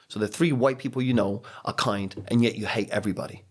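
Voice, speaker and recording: Husky-voiced man telling his story. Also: lowish voice, fast talker, few pauses. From Poland. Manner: animated storyteller who acts out quoted voices. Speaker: guest. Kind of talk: storytelling in casual chat.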